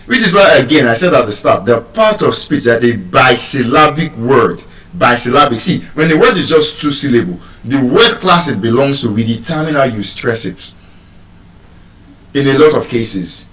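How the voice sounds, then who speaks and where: A man's voice: medium pitch, lively intonation, normal speed, fairly bright tone, echoey room, far from the mic, rough recording. A Nigerian man teaching English word stress to a live audience, teasing them and asking questions.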